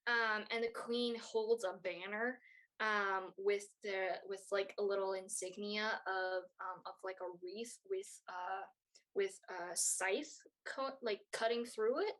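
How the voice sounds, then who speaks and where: Slow, rambling woman game master. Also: mid-range voice, a bit bright, low-quality recording. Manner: rambling, many fillers. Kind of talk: narrating a tabletop game.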